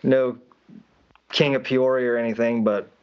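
A man's voice: mid-range voice, flat delivery, moderate pace, smooth, highs cut off. A man hosting a podcast and chatting with a fellow racer in an easygoing, rambling way. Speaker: podcast host, flat track racer. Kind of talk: casual podcast chat.

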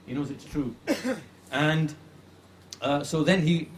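A man's voice: a little high, background noise. Earnest male religious lecturer. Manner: earnest, repeats phrases for emphasis, slows to stress points. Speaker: Islamic creed teacher. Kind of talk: religious lecture retelling a classical story.

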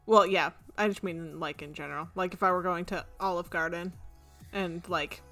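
A woman's voice: lowish voice, steady tone, normal speed, sharp tone, faint music behind. A woman co-hosting a podcast, chatting in an easygoing way with many fillers. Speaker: podcast co-host. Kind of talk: casual podcast chat.

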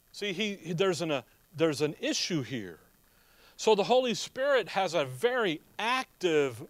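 A man's voice: on the high side, a bit bright, no room sound. A middle-aged man preaching a conversational expository sermon and asking his listeners rhetorical questions. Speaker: pastor.

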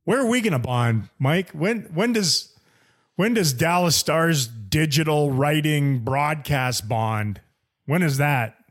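A man's voice: on the high side, expressive, slow, fairly bright tone. A man co-hosting a sports podcast, chatting casually and playfully with frequent repeated words. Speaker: podcast co-host. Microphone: studio headphones and mic.

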